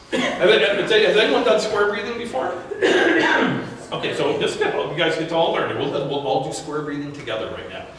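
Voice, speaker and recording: A man's voice: high voice, normal speed, long pauses, a bit bright. A man giving a live talk to a business audience at an event, in a conversational manner with frequent restarts and repeated words. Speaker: guest speaker. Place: event room at a networking event. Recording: echoey room from far off with faint background noise.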